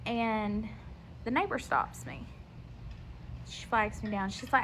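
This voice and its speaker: A woman's voice: fairly high pitch, slow, long pauses, a bit bright, slight background noise. A woman, telling a personal story to camera in a chatty way, with lots of fillers and restarts as she acts out what people said.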